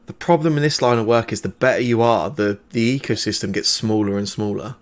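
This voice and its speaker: A man voicing a weary, mercenary woman assassin in a tabletop game, talking in a deadpan, halting way. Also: lowish voice, natural voice. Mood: musing.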